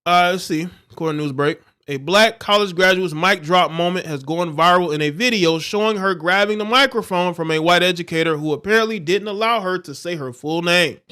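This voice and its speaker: A man with a rather high voice hosts a livestream, reading a news item and then tearing into it. His tone is scornful and preachy, and he throws insults at the people in the story. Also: brisk, few pauses, bright, forceful tone, clean tone. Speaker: livestream host. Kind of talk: reading news and ranting commentary.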